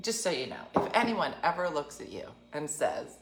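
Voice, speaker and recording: A woman in her fifties telling a comic story, animated and self-mocking. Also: deep voice, normal speed, reverberant, noisy background. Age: 50s. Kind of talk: comedic storytelling.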